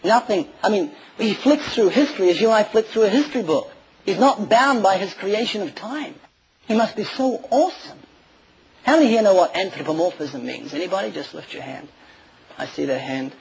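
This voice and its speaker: A man preaching a sermon, animated and enthusiastic, with sudden rises and drops in loudness as he tells stories. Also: high voice, slight background noise, low-quality recording. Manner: enthusiastic, animated storytelling with sudden swings in volume.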